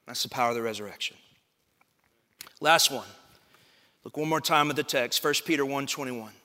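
Male pastor in his forties: bright, cutting voice, emphatic preaching, long hall reverb. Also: medium pitch, normal speed. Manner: emphatic, swelling into loud proclamation. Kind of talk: sermon.

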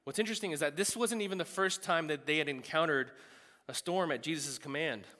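Bright-voiced preacher in a reverberant hall. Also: male voice, on the high side. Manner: conversational, animated preaching with quick asides. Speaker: pastor. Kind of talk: sermon.

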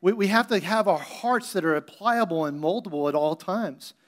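A man's voice: sits high, expressive, moderate pace. Male pastor preaching. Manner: conversational preaching, acts out Bible scenes with playful voices. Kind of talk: sermon.

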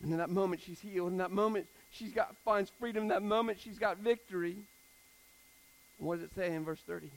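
A man preaching a sermon in a casual, animated style, repeating phrases for emphasis. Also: sits high, brisk, poor audio.

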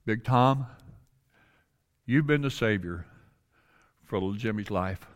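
This is a firm, measured schoolteacher calling his class to order, as a man retells him in a sermon. The delivery stays close to a plain speaking voice. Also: fairly low pitch. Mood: solemn. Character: firm male schoolteacher enforcing rules.

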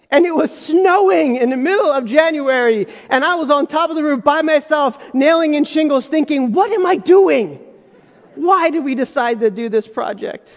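A man preaching a sermon as pastor, talking conversationally and addressing the congregation with asides. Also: extremely high pitch. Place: church sanctuary. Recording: long hall reverb.

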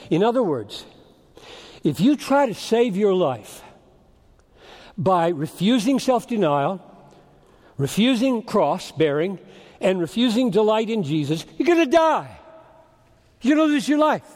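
A man preaching an expository sermon as pastor, arguing point by point and swinging from loud urging to hushed asides. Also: high-pitched, animated, unhurried. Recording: long reverb of a large hall.

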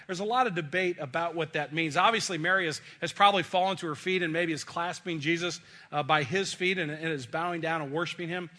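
A man's voice: fairly high pitch, quick pace, pushed and bright. A middle-aged male pastor preaching a sermon in a folksy, joking, conversational way.

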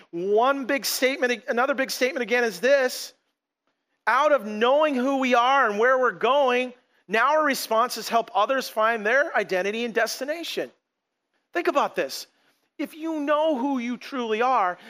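A middle-aged man preaching a sermon as pastor, in a lively, conversational way, acting out quotes as he goes. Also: extremely high pitch.

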